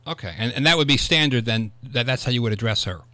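A man's voice: mid-range voice, quick pace, bright, forceful tone, no room sound. A man from Ohio, hosting a radio chat and asking curious questions. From Ohio, United States. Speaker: radio host.

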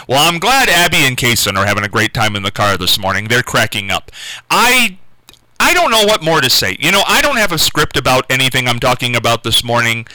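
A man hosting a call-in radio show, talking unscripted and halting, often repeating words and restarting. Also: medium pitch, sing-song, pushed and bright, dry recording, poor audio. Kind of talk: casual unscripted call-in talk.

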